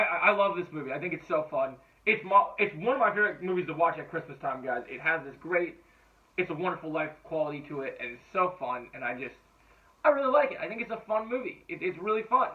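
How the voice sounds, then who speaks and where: A man giving casual, enthusiastic movie-ranking commentary, rambling and swearing freely. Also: high-pitched. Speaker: movie reviewer. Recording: tinny phone-like sound, distant from mic.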